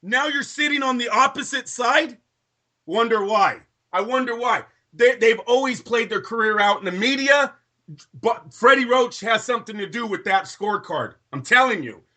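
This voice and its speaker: High bright-voiced guy, boxing podcast rant, swearing, won't let it go. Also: animated, moderate pace. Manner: ranting, profane, insistent. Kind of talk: heated boxing debate.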